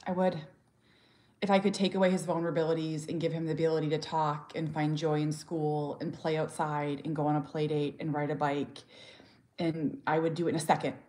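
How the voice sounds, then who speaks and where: With a low, dark-toned voice that barely shifts in pitch, a woman talks a little fast in her personal vlog as a mother and author. She's candid, earnest and heartfelt, often beginning sentences again, and she speaks openly and directly, now and then bluntly.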